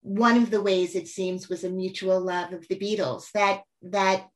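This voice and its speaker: A woman hosts a conversational interview in a mid-range, steady voice at a moderate pace. She asks eager questions and reacts with enthusiasm, warm and laughing as she goes.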